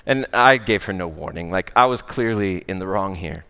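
A man's voice: low voice, expressive, normal speed, creaky, sharp tone, clean tone. American man preaching in a reverberant hall. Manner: conversational, many "uh" fillers and "right?" asides. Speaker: worship director preaching. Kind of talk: sermon with personal story. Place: church or worship hall. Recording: long church-hall reverb.

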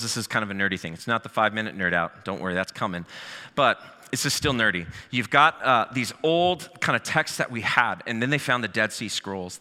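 A man's voice: on the low side, big-room sound. A man teaching a casual, joking sermon to a live and online congregation. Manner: casual, joking, lively teaching with acted asides. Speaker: pastor.

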